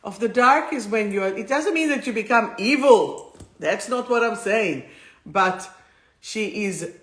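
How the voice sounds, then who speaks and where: A woman's voice: mid-range voice, expressive, a little slow. A woman streaming a spiritual talk live on two phones, wandering from thought to thought and easily moved by her own stories. Her voice bounces around a roomy, echoing space. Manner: warm, rambling, emotional, easily moved. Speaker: spiritual healer and host. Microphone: two phones streaming at once. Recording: roomy echo.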